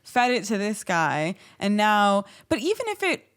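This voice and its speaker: A woman's voice: mid-range voice, sing-song, a bit bright, smooth. A woman hosting an interview podcast, chatting casually and agreeably with her guest. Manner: agreeable, chatty, backs up guest with quick reactions. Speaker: podcast host.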